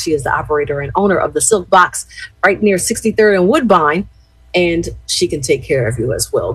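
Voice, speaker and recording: A middle-aged woman hosting radio in a chatty, animated way, talking straight to her listeners. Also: lowish voice, husky, no echo, rough recording. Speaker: radio host. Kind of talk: casual radio chat and shout-outs.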